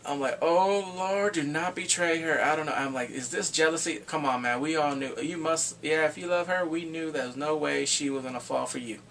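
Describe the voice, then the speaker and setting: Excitable man recapping with big whoops. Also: on the high side, creaky. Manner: excitable, swings into loud whoops and shouts. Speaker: TV show reviewer. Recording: distant mic, faint background hiss.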